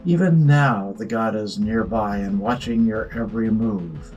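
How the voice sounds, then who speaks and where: A man voicing a calm, mysterious god in disguise who speaks quietly and without concern. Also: fairly low pitch, a little slow, lo-fi sound, faint music behind, close to an everyday voice.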